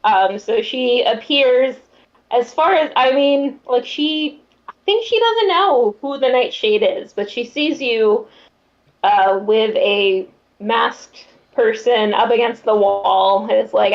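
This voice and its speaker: A woman narrating a tabletop role-play game, easygoing and hesitant. She talks slowly in a fairly high voice. Her mic sounds dull and lo-fi. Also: animated.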